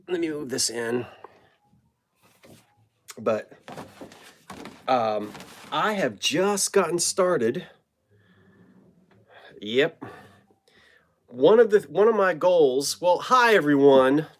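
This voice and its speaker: A middle-aged host from New Jersey talks slowly and casually to viewers on a live stream. The talk wanders, often breaks off mid-sentence, and greets people by name, in a mid-range voice recorded in a home basement. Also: mid-range voice, animated.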